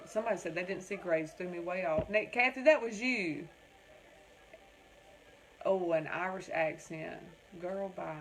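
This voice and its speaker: A woman's voice: mid-range voice, fairly bright tone. A woman hosting a casual craft livestream, rambling and chatting with viewers in the comments.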